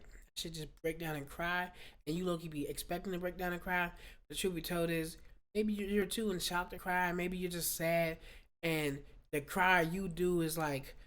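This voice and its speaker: A woman vlogger at home, rambling casually into a proper microphone and talking straight to her viewers. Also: lowish voice. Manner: chatty, digressive, talks straight to viewers. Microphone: studio microphone.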